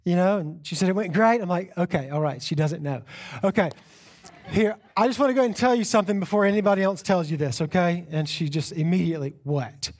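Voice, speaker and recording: Speaking fast with a voice that sits high, a young pastor preaches in a church sanctuary. He tells an animated personal anecdote, uses self-deprecating humor, and frequently repeats himself.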